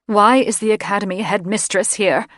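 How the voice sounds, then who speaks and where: A woman's voice: medium pitch, steady tone, normal speed, fairly bright tone, dry recording, clean studio sound, natural voice. A woman voicing a grieving dragon queen mother who speaks shrilly and demands answers. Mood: anguished, demanding.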